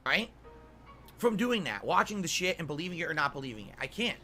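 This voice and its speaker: A man's voice: a little high, big pitch swings, fairly quick, music in the background. A man streaming to his viewers, ranting defensively with plenty of swearing and tag questions. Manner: defensive, profane, repeats "all right?". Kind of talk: livestream rant to viewers.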